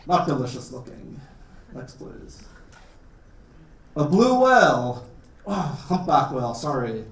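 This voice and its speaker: A man's voice: on the high side, very animated, slow pace. A man from Canada giving a playful talk to a class about his country, keeping his words simple for learners and joking often. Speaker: guest lecturer. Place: classroom or lecture hall. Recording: roomy, distant classroom recording.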